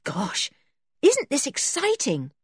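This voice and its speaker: High, excitable young boy, exclaiming constantly, played by a woman. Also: takes it slowly, no room sound, clean studio sound, exaggerated voice. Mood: eager.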